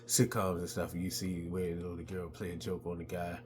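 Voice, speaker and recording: A middle-aged man telling stories from his childhood in a laid-back, casual way, with a high voice when he quotes other people. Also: little pitch movement, a little fast, background noise. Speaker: podcast host telling stories. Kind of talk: casual storytelling.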